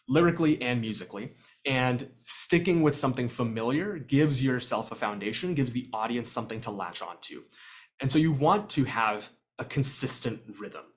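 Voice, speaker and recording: A man presenting a virtual workshop on vocal percussion, explaining in a relaxed conversational way with frequent fillers, over a video call. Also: mid-range voice.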